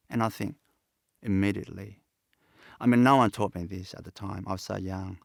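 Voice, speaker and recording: A man giving a satsang talk as a spiritual teacher, speaking in a halting, reflective and earnest way with many pauses and restarts. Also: lowish voice, vocal fry, no room sound, studio quality.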